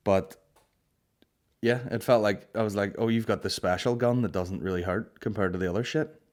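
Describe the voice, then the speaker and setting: Sweary Northern Irish man, low voice. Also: darkish tone. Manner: swears freely, rambling storytelling with frequent fillers. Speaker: podcast host. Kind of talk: casual solo podcast chat.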